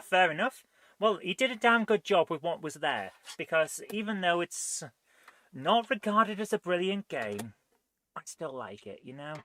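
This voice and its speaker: A man hosting a live gaming stream, chatting loosely and thinking aloud. His voice is bright and slightly high for a man. The sound is dry and close. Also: dry recording. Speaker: host.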